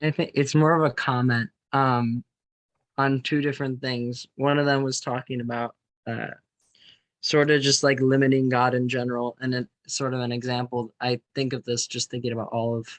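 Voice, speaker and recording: A man's voice: medium pitch, little pitch movement, normal speed. A man, a student, sharing a comment in class over a video call, hesitant and full of ums and likes. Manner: hesitant, many ums, likes and sort ofs.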